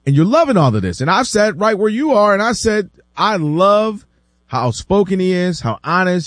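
A sports talk show host leads a casual debate, animated and acting out other people's quotes, often repeating words as he builds his argument. His voice is high, his pace moderate, and the recording dry with studio quality.

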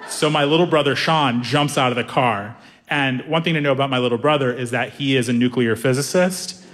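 A young man doing animated stand-up storytelling, acting out voices with sudden high-pitched outbursts. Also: brisk, long reverb tail. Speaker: stand-up comedian.

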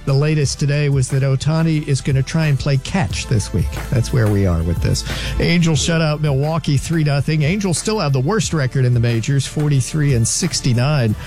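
A man reading a sports scores update on a radio show, reciting results in a brisk, matter-of-fact way. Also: on the high side, animated, a little mellow, faint music behind.

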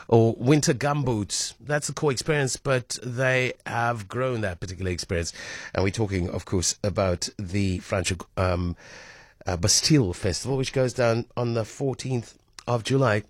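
A man's voice: fairly low pitch, normal speed, dry recording, studio quality. A man hosting a radio talk show in a chatty way, with frequent fillers and restarts. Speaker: radio host.

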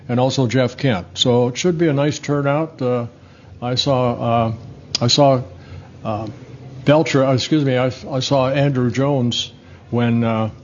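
A man's voice: medium pitch, darkish tone, dull audio, slight background noise. Older man telling baseball stories. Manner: rambling, self-correcting, chuckles at his own stories. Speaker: former pitcher and guest. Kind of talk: casual interview storytelling.

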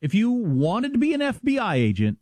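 A man's voice: high voice, wildly swooping pitch, a little fast, darkish tone, no echo. A man hosting a talk radio show, telling stories in a wry, teasing way. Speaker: radio host. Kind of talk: casual talk radio banter.

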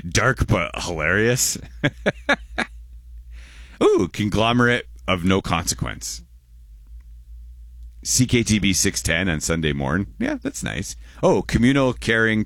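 A man's voice: low voice, fairly bright tone, dry recording, studio quality. A man in his forties, hosting a radio show in casual, rambling chat and often correcting himself.

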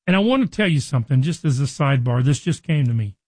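A man preaching, retelling a Bible story and acting out its dialogue with lively quoted lines. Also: mid-range voice, fast talker, no echo. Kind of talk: Bible teaching.

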